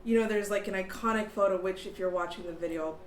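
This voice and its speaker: A woman's voice: mid-range voice, fast talker, a little hiss or hum. A woman co-hosting a podcast, chatting casually with lots of giggles and fillers. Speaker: podcast co-host. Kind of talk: casual chat. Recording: echoey room recording.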